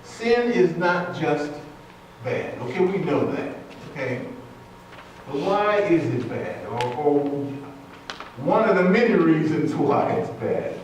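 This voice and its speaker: Slow, emphatic pastor in an echoey church. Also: male voice, on the high side, very animated, darkish tone, slight background noise. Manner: deliberate, emphatic, repeats key words. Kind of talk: sermon. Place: church sanctuary. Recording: echoey church hall, voice from a distance.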